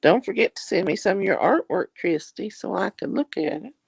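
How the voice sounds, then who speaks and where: A woman's voice: medium pitch, big pitch swings, a little fast, creaky, breathy edge, no echo. A middle-aged woman, chatting on her livestream and reading out viewer comments, calling them honey and darling. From Southern US. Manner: warm, affectionate, calls viewers honey and darling. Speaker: livestream host.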